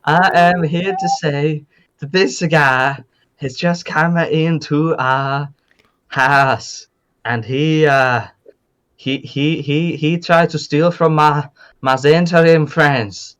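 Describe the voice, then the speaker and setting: A man's voice: fairly high pitch, fairly even intonation, slow, fairly bright tone, clear, resonant tone, voice pushed up. A man voicing a cocky southern cowboy with an American Southern accent, stammering a little as he talks. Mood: boastful.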